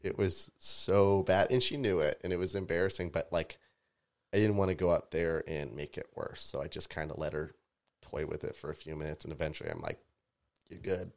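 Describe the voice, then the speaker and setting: Very deep-voiced man telling stories. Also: fast talker, gravelly. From Tampa, Florida. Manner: animated storyteller, voices rise sharply in quoted outbursts. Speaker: podcast guest, DJ and music producer. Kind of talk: casual storytelling chat.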